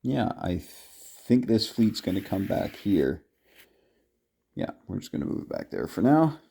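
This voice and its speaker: Mellow low-voiced man narrating a board game. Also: big pitch swings, measured pace, gravelly, breathy edge. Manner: chatty, counts moves aloud. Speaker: board game player narrating his turn. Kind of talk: casual play-by-play narration.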